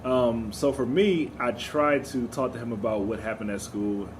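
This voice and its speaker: A man's voice: medium pitch, normal speed. A young man co-hosting a podcast, chatting in a laid-back way and acting out quotes. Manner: laid-back, laughs often, acts out quotes. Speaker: podcast co-host. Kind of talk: casual chat. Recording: background noise.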